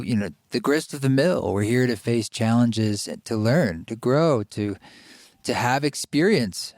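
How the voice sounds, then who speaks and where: A man hosts a podcast in a relaxed, friendly way, laughing easily. His voice sits at a middle pitch. The sound is dry and close. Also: dry recording. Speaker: podcast host. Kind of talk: casual interview chat.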